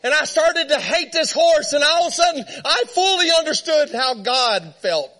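A man preaching a sermon, telling a comic story in an animated way and laughing as he talks. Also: extremely high pitch, moderate pace.

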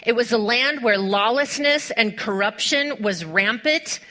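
A woman preaching a sermon in a bright, ringing voice that sits a little high. She tells stories with animated rhetorical questions and turns to speak straight to her congregation. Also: unhurried. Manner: addresses the congregation directly.

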